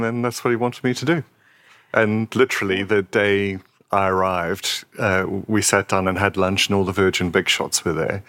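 A man's voice: on the low side, a bit bright. A middle-aged man from South Africa, a company founder interviewed as a guest, telling wry anecdotes and acting out the dialogue. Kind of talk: conversational interview storytelling.

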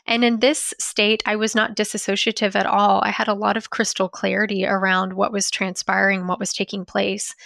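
Woman, forties, fry in the voice, dry close sound; reflective spiritual storyteller with loose fillers. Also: mid-range voice, fairly bright tone, dry recording. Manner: reflective, dreamy, many "you know" and "like" fillers.

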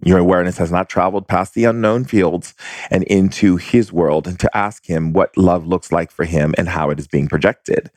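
A man, a spiritual teacher, talking in a reflective monologue with slow, deliberate, drawn-out phrasing and long run-on sentences. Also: low voice, a little mellow, dry recording.

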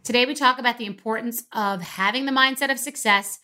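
A woman's voice: a little high, a little fast, pushed and bright. A woman hosting a podcast, telling a rambling comic story with many asides, then introducing a guest. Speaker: podcast host.

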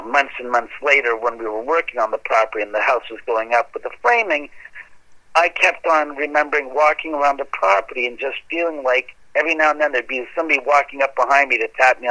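A man casually telling a long story in an animated, conversational way, with the odd curse word. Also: mid-range voice, rough recording. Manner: animated, conversational, occasional swearing.

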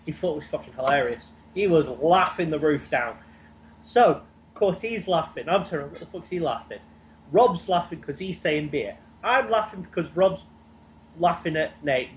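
A man's voice: fairly high pitch, slight background noise, rough recording. A man on a podcast call telling a long, rambling anecdote, tripping over repeated words. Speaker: podcast co-host. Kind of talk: casual chat. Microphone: Skype call.

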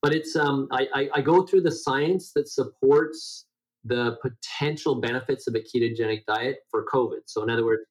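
A middle-aged man with a somewhat nasal voice talks as an interview guest. He rambles through his points with frequent restarts and fillers, at a medium pitch. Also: moderate pace, rough recording. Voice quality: self-described high nasal voice. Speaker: guest health educator. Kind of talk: conversational interview.

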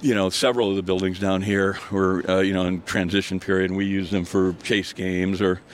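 This is a low-voiced older man talking briskly with little rise or fall in pitch. As a guest storyteller on a hillside walk, he rambles, restarts, uses many fillers, and laughs frequently. Slight background noise is audible.

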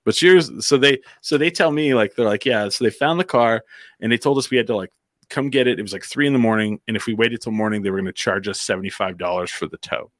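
A man's voice: fairly low pitch, quick pace, dry recording, clean studio sound. A man from New Mexico telling a long story in casual chat, rambling with fillers and acting out quotes.

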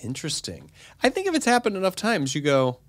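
A man's voice: high voice, huge pitch swings, fast talker, dry recording. A man co-hosting a comedic advice podcast, reading a listener's letter aloud and then joking animatedly with his co-host.

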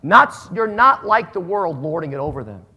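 Animated gravelly male pastor preaching. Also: fairly high pitch, moderate pace. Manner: animated, swings between hushed asides and loud emphatic bursts. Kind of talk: sermon.

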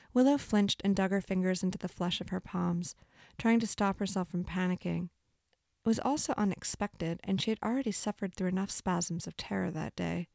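Gravelly-voiced woman reading a story. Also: lowish voice, no room sound, studio quality. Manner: measured, expressive storytelling. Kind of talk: audiobook narration.

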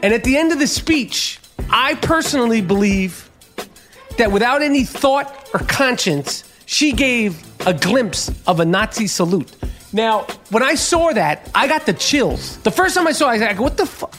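A man rants as a podcast host, his voice pitched unusually high. He swears constantly and breaks into shouting tirades. Faint music plays behind him. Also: big pitch swings, normal speed. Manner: swears heavily and shouts in bursts. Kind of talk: profane, animated podcast rant.

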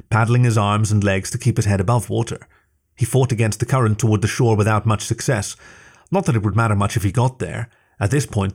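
A man narrating a story, with steady, scripted storytelling. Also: on the low side.

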